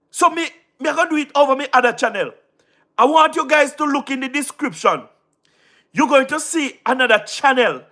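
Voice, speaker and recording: High-pitched Jamaican man giving shout-outs. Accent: Jamaican Patois. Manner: repetitive, keeps asking "you understand what I mean", emphatic. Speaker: YouTube live streamer. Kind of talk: casual live-stream commentary with viewer shout-outs.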